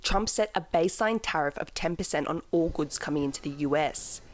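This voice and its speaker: A woman delivering a scripted news report in crisp, steady narration. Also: low-pitched, fairly quick.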